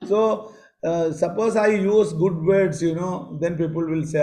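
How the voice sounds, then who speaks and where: A man teaching psychology on a video call, pausing often, repeating phrases and asking the class questions. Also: high voice, fairly even intonation, dark tone, a little hiss or hum, low-quality recording. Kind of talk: online class lecture.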